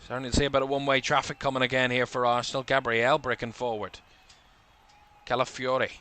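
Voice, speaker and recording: A man's voice: medium pitch, level tone, fast talker, bright, forceful tone, clear, resonant tone. A man giving live football commentary for a watchalong stream, calling player names in short bursts and lifting his voice as attacks build, a little tired. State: tired, yawning.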